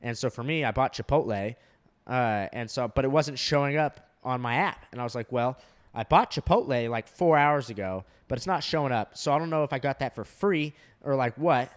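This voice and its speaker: A man's voice: medium pitch, brisk. A young man telling a story in casual chat, swearing often and full of fillers. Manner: animated storytelling, heavy swearing, many fillers.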